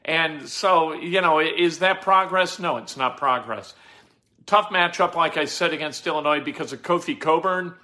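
A middle-aged man talks sports in a casual, opinionated monologue. He fires off rhetorical questions and restarts his sentences often. His voice sits a little high, with a bright, forceful edge. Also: moderate pace. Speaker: sports radio host.

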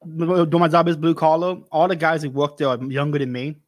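A man's voice: a little high, level tone, a little fast, dry recording, studio quality. A man in his twenties, a podcast guest, talking hesitantly and stammering in casual chat. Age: 20s.

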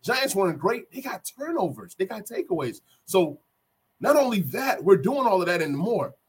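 A man giving an animated fan recap of a football game, repeating key moments for emphasis. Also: high-pitched, moderate pace, breathy edge. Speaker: sports fan vlogger.

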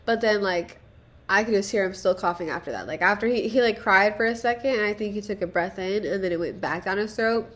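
A woman's voice: medium pitch, a little fast. A young woman hosting a casual solo podcast, rambling and profane, self-deprecating, with nervous laughs. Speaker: podcast host.

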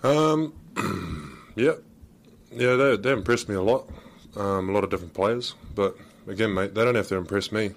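A man's voice: fairly low pitch, expressive, normal speed, gravelly. A man with a New Zealand accent answering reporters at a press conference, laid-back and casual, swearing and calling people mate. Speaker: basketball player.

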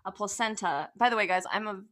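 A woman's voice: mid-range voice, fast. A young woman and mother, co-hosting a podcast and telling stories in casual chat, acting out quotes as she goes. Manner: animated storytelling with laughs and acted-out quotes. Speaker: podcast co-host, photographer.

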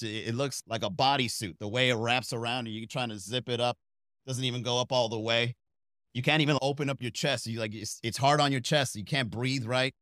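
A man's voice: medium pitch, fairly bright tone, no room sound, clean studio sound. A man hosting a comedy podcast, riffing solo in a conversational way, asking the listener rhetorical questions and acting out quoted people in exaggerated voices.

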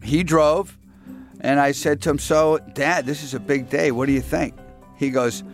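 A man's voice: on the high side, fairly even intonation, normal speed, faint music behind. An older man being interviewed, telling his story candidly and with regret. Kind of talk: reflective interview recollection.

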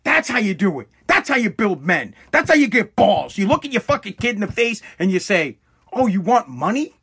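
A man's voice: sits high, very animated, brisk, pushed and bright, husky. A man telling a casual story bluntly, full of swearing and restarts. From Massachusetts.

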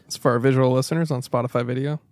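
A man's voice: medium pitch, fairly even intonation, racing, darkish tone, no room sound, clean studio sound, faint music behind. A man co-hosting a podcast in casual chat, joking, swearing and laughing often. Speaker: podcast co-host.

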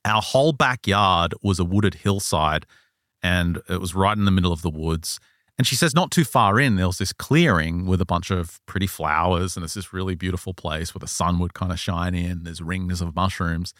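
A man hosting a podcast, telling an eyewitness story in a casual, animated way and acting out the quoted lines. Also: sits low, moderate pace, no room sound, clean studio sound. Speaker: podcast host. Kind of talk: casual chat, retelling an eyewitness account.

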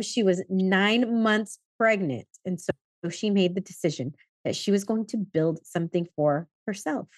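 A woman hosts a podcast with a bubbly, curious manner. Her mid-pitched voice sounds close and dry, with no room around it. She asks questions eagerly and laughs along easily. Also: dry recording. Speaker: podcast host. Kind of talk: casual interview chat.

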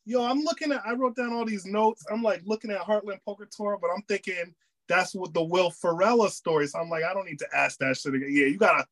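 Joking higher-voiced man. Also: fast, a bit bright, poor audio. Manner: joking, teasing slang banter. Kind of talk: casual chat.

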